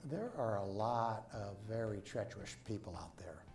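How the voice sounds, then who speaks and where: A man's voice: on the low side, normal speed, gravelly, a little mellow. A man answering interview questions in a dry, matter-of-fact way. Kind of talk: interview clip. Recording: echoey with faint music.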